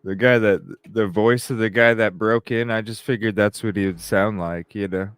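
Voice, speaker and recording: A man's voice: lowish voice, fairly even intonation, normal speed, smooth, no room sound. A man hosting a live podcast, chatting casually, laughing often and swearing as he rambles. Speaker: podcast host. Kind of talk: casual live-stream chat.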